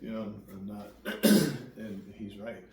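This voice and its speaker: A man's voice: fairly low pitch, slow pace. A young man casually telling a rambling, profane story, acting out what others said to him. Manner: acts out quoted dialogue with lively voices. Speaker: guest sharing recovery story. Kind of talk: casual conversation. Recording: echoey room, distant mic, faint background noise.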